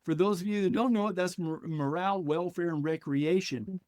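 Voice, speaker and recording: A man with a slightly high voice spins stories about his early service, animated, slipping into the people he quotes. The sound is close and dry, with no room around it. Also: moderate pace, few pauses, no echo. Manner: animated, acts out quoted officers and his younger self. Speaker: podcast guest, former Marine. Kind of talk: storytelling in conversation.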